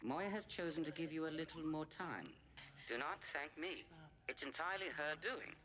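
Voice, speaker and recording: An actor voicing a calm, polite alien creature who pilots a living ship in a sci-fi series. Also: male voice, a little high, moderate pace. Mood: measured.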